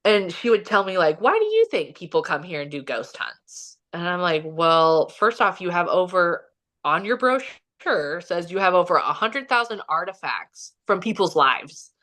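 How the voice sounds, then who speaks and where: Speaking at normal speed in a fairly low, sing-song voice with a bright tone, a podcast guest from Kansas City, Missouri, recounts a lengthy personal story. She wanders along with heavy fillers and performs the quotes as she goes.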